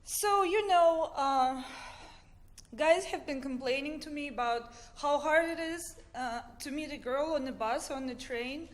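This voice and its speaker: A woman with a high voice tells wry true stories live on a comedy stage. She speaks into a stage microphone and slips into the voices of the people she describes. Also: measured pace. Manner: wry, acts out the people in her anecdotes. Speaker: storyteller.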